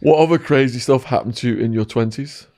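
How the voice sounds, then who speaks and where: A man's voice: medium pitch, fast talker, dark tone, dry recording. A man asking short, direct questions as an interviewer.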